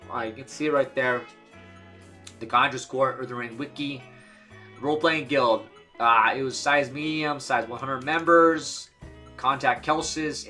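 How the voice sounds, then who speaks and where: A man's voice: mid-range voice, sharp tone. A man casually recalling old gaming days, rambling and slangy as he reads old posts aloud. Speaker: gaming video creator. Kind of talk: casual nostalgic retrospective.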